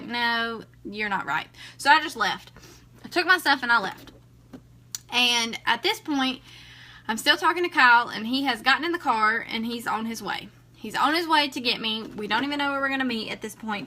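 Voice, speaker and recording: A woman's voice: a little high, brisk. A woman, a vlogger telling a story casually to her viewers and acting out the dialogue. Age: 20s. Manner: chatty, animated, acts out dialogue.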